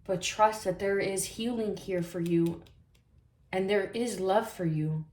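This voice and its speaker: A woman giving a spiritual tarot reading in a soft, reflective way, often repeating phrases for emphasis. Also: medium pitch, unhurried, roomy sound. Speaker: tarot reader.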